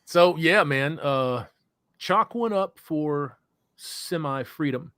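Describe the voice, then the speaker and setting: A man's voice: a little high, expressive, slow pace, a bit bright, dry recording, clean studio sound. A man guesting on a livestream, talking casually and emphatically with heavy swearing. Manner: emphatic, profane.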